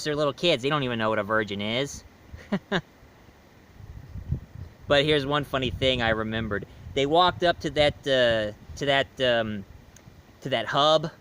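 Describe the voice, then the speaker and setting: A man's voice: mid-range voice, fairly bright tone, slight background noise, poor audio. A man chatting through a casual video film review, rambling with many fillers and restarts. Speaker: movie reviewer.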